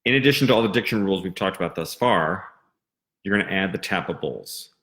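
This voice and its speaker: A man teaching a singing lesson, explaining diction and stressing crisp consonants. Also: low-pitched, animated, fast, a bit bright.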